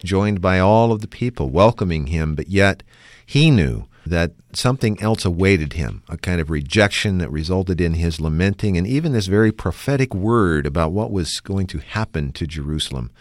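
A man's voice: low-pitched, lively intonation, moderate pace, no room sound, studio quality. A man hosting a radio Bible discussion, talking in an earnest, reflective way. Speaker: radio program host.

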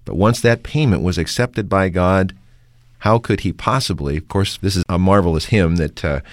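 A man hosting a radio discussion of a sermon with a polished, announcer-like delivery. His voice sits very low, and the recording is dry and close. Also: normal speed, no echo. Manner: polished, announcer-like, leading questions. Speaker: radio program host.

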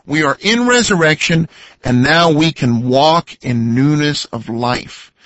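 A man co-hosting a radio teaching program, explaining points in an earnest, measured way, heard on a slightly dull lo-fi recording. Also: a little high, fairly bright tone, dry recording. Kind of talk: scripted teaching talk.

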